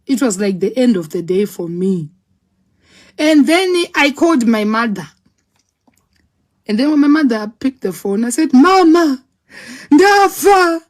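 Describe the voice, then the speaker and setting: A woman tells her own story in a fairly high voice. She performs it dramatically, acting out each scene and throwing in sound words. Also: animated, unhurried, pauses often, darkish tone. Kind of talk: personal storytelling.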